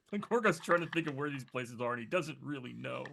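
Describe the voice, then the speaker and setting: A man chats casually at a tabletop game, narrating what his character does. His voice is gravelly, with a lively, wide-ranging pitch. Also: a little fast, a little hiss or hum. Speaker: player.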